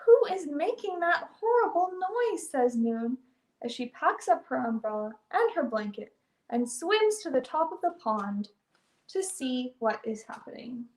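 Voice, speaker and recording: A woman reading a picture book aloud as a storyteller, with gentle, deliberate delivery. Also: on the high side, animated. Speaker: librarian storyteller. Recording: roomy echo.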